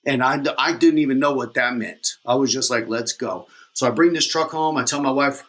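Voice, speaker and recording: A man in his thirties tells his own story on a podcast at a middle pitch. He talks in a casual, energetic way, rambling and slangy. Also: moderate pace. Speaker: podcast guest, coach.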